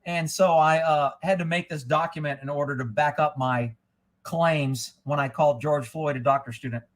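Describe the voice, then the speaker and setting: A man's voice: a little high, fairly even intonation, normal speed. A middle-aged man hosting a casual livestream, talking loosely and irreverently and chuckling often. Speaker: livestream host.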